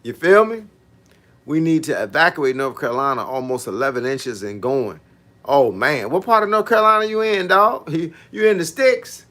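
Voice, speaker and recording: Man, fifties, fitness coach, casual livestream chat, relaxed slangy talk. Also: fairly high pitch, moderate pace. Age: 50s. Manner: laid-back slangy banter, frequent laughs, addresses viewers directly.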